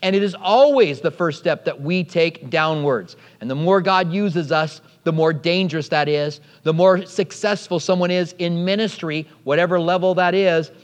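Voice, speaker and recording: A man preaching a sermon as pastor, animated and storytelling, acting out quotes along the way. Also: sits high, in a large hall.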